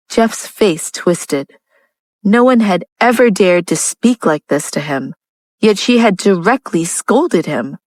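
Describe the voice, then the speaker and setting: A woman narrating a romance audiobook in a steady, even reading style. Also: mid-range voice, slow, no room sound, poor audio. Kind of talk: scripted narration.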